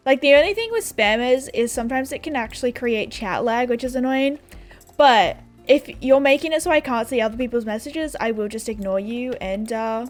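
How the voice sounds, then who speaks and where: A young woman with an Australian accent rambles casually over her gameplay, her voice sitting a touch high. She is sarcastic and chatty and laughs easily, with soft music playing faintly behind her. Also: moderate pace. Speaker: gaming YouTuber. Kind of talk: casual chat while playing a game. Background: faint background music.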